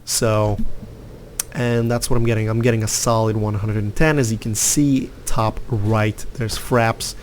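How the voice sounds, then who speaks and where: A man's voice: fairly low pitch, fairly even intonation, unhurried, a little hiss or hum. A man giving casual, rambling commentary over gameplay as a hardware reviewer, full of fillers and repeated words.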